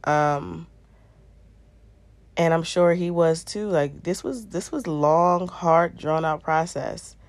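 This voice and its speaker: A woman's voice: on the low side, takes it slowly, dry recording. A young woman vlogger casually recounting a personal story, full of "um" and "I'm like" asides. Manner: conversational, frequent "um" and "I'm like" quoting.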